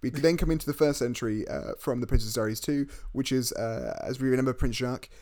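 A man's voice: medium pitch, a little fast, darkish tone. Wry joking man reading a list. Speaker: podcast co-host. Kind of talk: casual chat.

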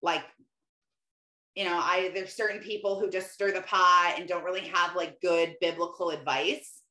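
A middle-aged woman talking casually about faith, rambling and chatty with lots of "like" and quick laughs. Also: fairly low pitch, steady tone, sharp tone. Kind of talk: casual faith-based monologue. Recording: roomy echoey room.

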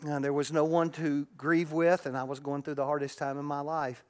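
A middle-aged man, preaching a sermon and telling a raw, emotional personal story that swings between loud and hushed. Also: fairly high pitch, level tone, moderate pace, few pauses, clean tone. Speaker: pastor.

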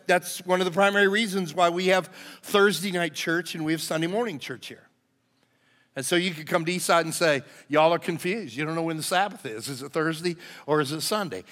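A man with a notably high voice preaches a sermon in a folksy way, teasing his congregation as he goes. His voice rings with the long reverb of a large church hall. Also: fairly bright tone. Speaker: pastor. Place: church sanctuary.

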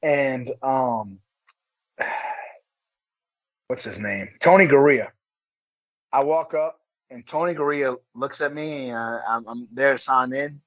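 A man's voice: mid-range voice, slow pace, pauses often, fairly bright tone. Profane storytelling man, dull lo-fi audio. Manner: profane, rambling, says "bro" a lot. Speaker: guest, former pro wrestler. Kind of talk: casual storytelling.

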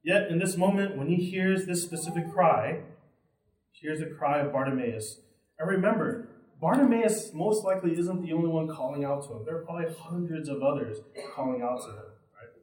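A man's voice: a little high, moderate pace, darkish tone. A man preaching a sermon as pastor, earnest and direct, often checking in with his listeners by asking "right?". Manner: earnest and direct, with frequent tag questions. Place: church sanctuary. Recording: roomy sound from a distant mic.

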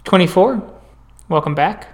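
A man's voice: sits high, animated, measured pace, creaky, heavily acted. A man playing a suspicious woman scientist. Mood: cool.

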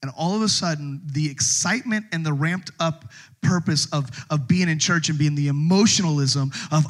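A middle-aged male pastor delivering a sermon with a fairly high-pitched voice. He preaches in an animated way, dropping low and quiet, then jumping up into shouted lines as he acts out different voices. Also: normal speed.

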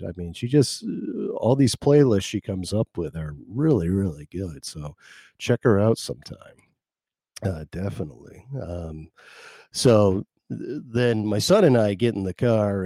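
A middle-aged man from rural talks through his own show in a loose, self-reflective ramble, pausing and restarting often. His voice sits low and mellow with a relaxed warmth. The sound is dry and close, with no room around it. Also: no echo. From rural Maine. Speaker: podcast host. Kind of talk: casual solo monologue.

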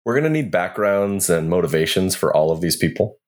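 A man with a low voice playing in a tabletop game. He is laid-back and teasing as he describes his rogue's moves. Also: animated, brisk. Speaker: player. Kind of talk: casual tabletop game play.

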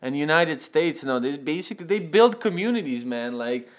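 A man's voice: a little high, expressive, fairly quick. A man from Ukraine, chatting casually and animatedly, swearing and using lots of fillers. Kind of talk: casual podcast chat.

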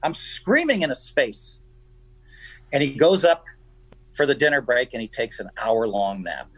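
A man guesting on a radio show, telling stories in an animated, emphatic way. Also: medium pitch, normal speed, husky, dry recording, rough recording. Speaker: guest poker player. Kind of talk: casual radio chat, storytelling.

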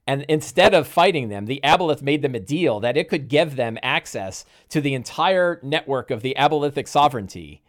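A man's voice: medium pitch, animated, brisk, hardly any pauses. A man hosting a casual podcast conversation, telling game stories animatedly with many restarts. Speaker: podcast host and game master.

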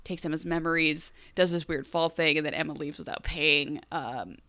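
A young woman co-hosting a casual TV recap chat, animated and quick to act out characters' lines. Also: deep voice, dry recording. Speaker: podcast co-host.

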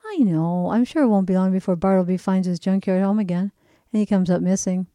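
A woman's voice: medium pitch, fairly quick, mellow, dry recording, lightly acted. Woman doing a cheerful treasure-hunting dad. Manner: hearty and upbeat. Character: cheerful dad who loves junk treasure.

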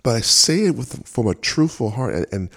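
A minister delivers a sermon in a creaky, mid-range voice at normal speed, very animated throughout. He is earnest and fervent, speaking with emphasis and often repeating or restarting his phrases.

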